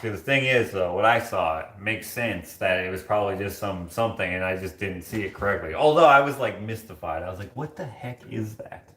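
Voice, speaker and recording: A man's voice: deep voice, a little fast, few pauses, a bit bright, slight background noise. A man hosting a casual stream from his kitchen, chatting and telling rambling stories with lots of fillers. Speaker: livestream host reading chat. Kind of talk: casual chat. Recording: echoey room.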